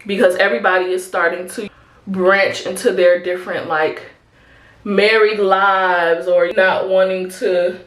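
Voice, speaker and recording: A woman in her twenties, talking in a chatty, open way straight to her viewers. Her voice sits at a mid pitch. The room around her echoes noticeably. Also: flat delivery, a little slow, fairly bright tone. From Chicago, USA. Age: 20s. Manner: chatty and candid, addressing viewers as "y'all" and "honey". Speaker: vlogger. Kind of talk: casual chat while getting ready.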